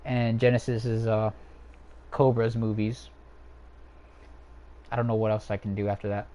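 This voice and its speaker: Young guy streaming from his room, mellow warm voice, cursing constantly and going off on rants. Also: lowish voice, level tone, moderate pace. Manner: profane, ranting, lots of fillers and restarts. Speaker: livestream host ranking characters. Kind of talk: casual livestream rant.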